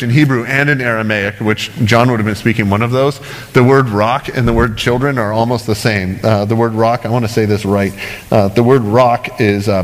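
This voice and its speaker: A man preaching a sermon in a relaxed, conversational way, cracking jokes and checking in with the congregation. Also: mid-range voice. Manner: conversational, joking, asks "right?" often. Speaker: pastor. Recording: long hall reverb.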